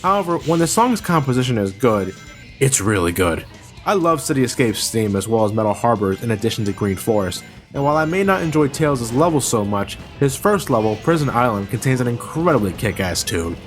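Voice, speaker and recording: Profane, animated male game reviewer. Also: mid-range voice, brisk, soft background music. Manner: profane, exasperated ranting with sudden shouts. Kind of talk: comedic scripted review voice-over.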